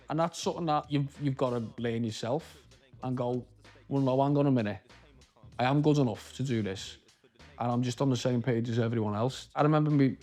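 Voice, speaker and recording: A man in his thirties from Liverpool with a Liverpool accent, telling stories from his acting career in a relaxed interview, rambling and restarting often. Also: medium pitch. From Liverpool, England. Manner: rambling, many restarts and "you know", local slang. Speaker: actor, interview guest.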